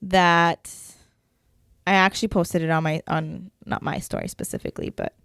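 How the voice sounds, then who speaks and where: Young woman, casual podcast co-host, a bit low-pitched, dry close mic. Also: fairly even intonation, moderate pace, creaky, fairly bright tone, clear, resonant tone, no room sound. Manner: chatty, reads listener messages aloud with asides. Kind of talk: casual chat.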